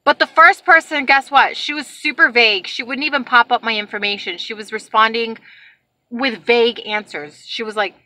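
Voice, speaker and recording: A high-pitched woman vlogs to camera from inside her car, her voice bright and crisp. She tells the story with animated exasperation and acts out each quote. The sound is close and dry, with no room echo. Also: moderate pace. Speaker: vlogger.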